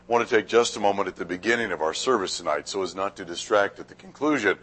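A man speaking as a visiting preacher, giving a sermon in a gracious, unhurried way with halting pauses. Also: lowish voice, animated, a bit bright. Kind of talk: sermon with a warm-up story.

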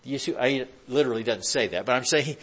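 A man's voice: medium pitch, quick pace, a bit bright. A man preaching a verse-by-verse sermon in a conversational way, with rhetorical questions and dry sarcastic asides. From United States. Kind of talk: expository sermon.

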